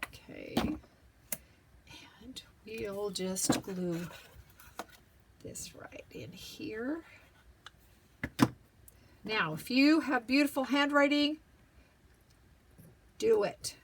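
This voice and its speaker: A woman hosting a paper-craft tutorial, chatting to herself as she works, sometimes whispering, her voice going hoarse. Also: a little high, heavy background noise. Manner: slow, chatty, talks to herself while working, drops to whispers. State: losing her voice, clearing throat.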